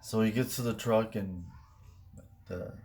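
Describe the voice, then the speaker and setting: A man's voice: lowish voice, steady tone, measured pace, a little mellow. A man telling a long joke in a casual, rambling way, with many fillers. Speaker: joke teller.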